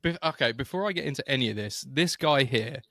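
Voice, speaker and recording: A man's voice: mid-range voice, expressive, a little fast, a bit bright, no room sound. A man with a British accent, co-hosting a casual podcast and telling a long story with many fillers and restarts. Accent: British English. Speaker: podcast co-host. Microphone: studio microphone.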